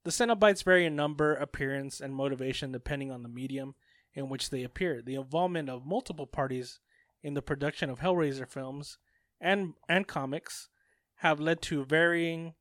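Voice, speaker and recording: A man's voice: mid-range voice, moderate pace, dry recording, clean studio sound. A man co-hosting a podcast, steadily reading out background facts. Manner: steady, reads facts aloud. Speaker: podcast co-host. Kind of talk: casual chat and reading notes.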